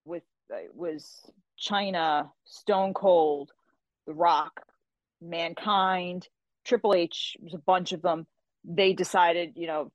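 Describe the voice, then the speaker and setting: A woman with a lowish voice recounts stories as a guest, animated and casual, slipping into other people's voices as she goes. The sound is dry and close, with no room around her. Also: dry recording. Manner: animated storyteller who acts out quoted voices. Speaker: guest author. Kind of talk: casual interview storytelling.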